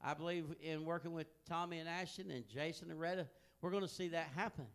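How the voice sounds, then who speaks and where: An older man preaching a sermon, telling folksy family stories that swing from hushed asides to loud, emphatic peaks. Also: a little high, steady tone, quick pace, clean tone. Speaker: pastor.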